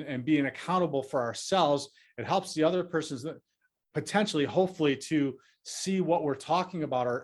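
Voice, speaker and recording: A man hosting an advice podcast, speaking earnestly and reassuringly, with many fillers and restarts. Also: mid-range voice. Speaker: podcast host.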